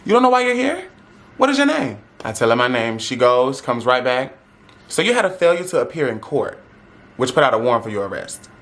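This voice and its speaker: A man's voice: medium pitch, big pitch swings, brisk, fairly bright tone. A young man speaking tells a dramatic, sassy story to his audience, acting out every voice in it. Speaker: vlogger telling a story. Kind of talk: animated storytime.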